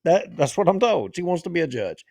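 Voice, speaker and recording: A man hosts a local political talk show, and he rants with open indignation. His voice sits high and leaps up and down as he presses each point. The sound is dry and close, with no room in it. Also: big pitch swings, brisk, darkish tone, no room sound. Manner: ranting, indignant. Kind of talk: heated political commentary.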